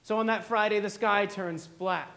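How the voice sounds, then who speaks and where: A man's voice: high voice, fairly even intonation, moderate pace, fairly bright tone. A man preaching a sermon, retelling a story dramatically with repeated refrains. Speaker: pastor.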